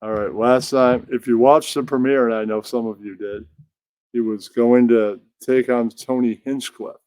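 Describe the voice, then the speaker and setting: A man's voice: mid-range voice, fairly even intonation, moderate pace, a little mellow, no echo. A man hosting a puppet show stream, rambling and chuckling to himself as he sets up scenes. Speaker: host.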